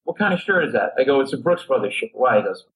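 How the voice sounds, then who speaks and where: A man's voice: mid-range voice, quick pace, poor audio. A middle-aged man from Rhode Island, a comedian telling a long story on a talk show and acting out the people in it. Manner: animated, acts out characters in his stories. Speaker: comedian guest.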